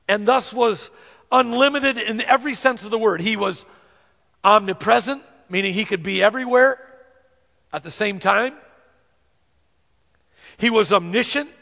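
High-voiced pastor preaching in a big hall, lots of echo, earnest and slow on the verses. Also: male voice, gravelly, a bit bright. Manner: earnest, slows down to stress scripture. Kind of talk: sermon. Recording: long hall reverb.

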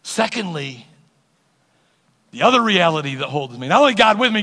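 A man's voice: high-pitched, very animated, moderate pace, pauses often, pushed and bright, breathy edge. A man preaching a sermon as pastor, emphatic and calling on his congregation to respond, in a church sanctuary with long reverb. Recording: long reverb of a large hall.

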